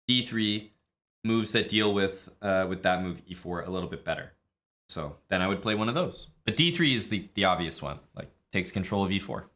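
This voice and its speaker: Streaming live, a man works through chess lines in casual, blunt, profane commentary, acting out his own thoughts and laughing at strange moves. His fairly low voice sounds pushed and bright.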